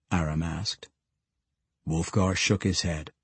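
A male narrator reads a fantasy novel in a measured, steady way. His voice is husky and raspy, and his delivery is unhurried. The recording is close and completely dry. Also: low-pitched, no echo. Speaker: audiobook narrator.

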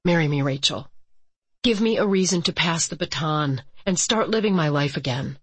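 Lady reading a steady teasing guy, voice dropped a bit lower. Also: normal speed, breathy edge, no room sound. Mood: tender, teasing. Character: confident, playful man proposing.

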